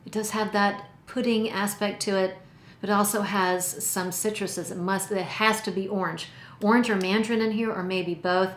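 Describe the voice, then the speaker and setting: A chatty, enthusiastic woman talks through her perfume collection and draws out her descriptive words. Her voice sits at a middle pitch. It has a roomy echo around it. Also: fairly even intonation, moderate pace, a little hiss or hum. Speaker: perfume reviewer. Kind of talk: casual product review.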